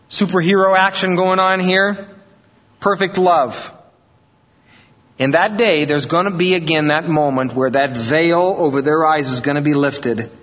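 A male pastor preaching a sermon, animated and conversational, mixing emphatic passages with joking asides. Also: mid-range voice. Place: church sanctuary. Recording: dull, lo-fi audio with long reverb in a large hall.

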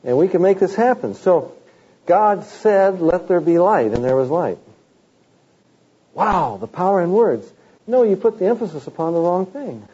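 A man preaching a sermon, animated, with rising emphasis and mocking quotes of the teachers he criticizes. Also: high-pitched, measured pace, breathy edge, muffled recording.

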